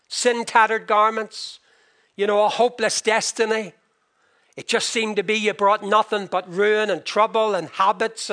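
Older man preaching, high-pitched and bright, slows right down to make a point. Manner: impassioned, slows for emphasis, swings loud to soft. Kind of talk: sermon.

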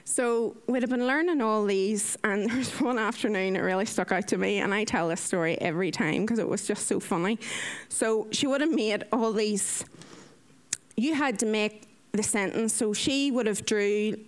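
An Irish woman in her thirties, a nurse, telling lively stories with frequent laughter and acted-out voices. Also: medium pitch, moderate pace. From Ireland. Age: 30s. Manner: lively, laughs often, acts out others' voices. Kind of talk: anecdotal storytelling.

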